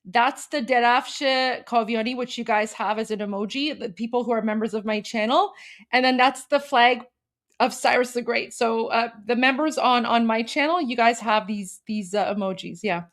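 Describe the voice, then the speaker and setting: A young woman hosting a live stream, reacting to a video with gasps and quick bursts of delight. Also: on the high side, a bit bright. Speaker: livestream host.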